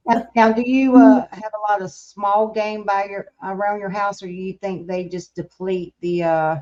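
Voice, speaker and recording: A woman's voice: medium pitch, fairly even intonation, moderate pace, darkish tone, muffled recording. A woman hosting a podcast interview, chatty and asking long, leading questions. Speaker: podcast host. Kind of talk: casual interview.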